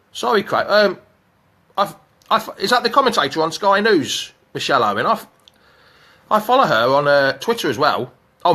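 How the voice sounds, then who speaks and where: A man hosting a live fan show, reading out viewer comments and chatting in an excitable, jokey way. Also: on the high side. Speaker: fan channel host.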